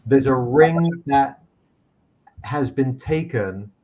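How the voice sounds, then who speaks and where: A man's voice: medium pitch, expressive, warm tone. A man narrating as game master in a tabletop game, rambling with frequent restarts. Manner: rambling, halting, many restarts.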